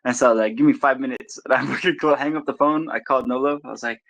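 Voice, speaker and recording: A man's voice: mid-range voice, fast talker, few pauses, fairly bright tone. A man from California, a fighter guest in a casual interview, brash and jokey with heavy swearing. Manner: brash, profane trash talk, jokey.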